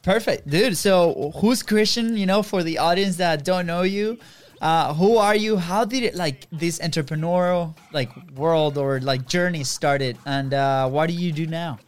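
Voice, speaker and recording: High-voiced upbeat male podcast co-host. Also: measured pace. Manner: upbeat, laughs often. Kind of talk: casual podcast chat.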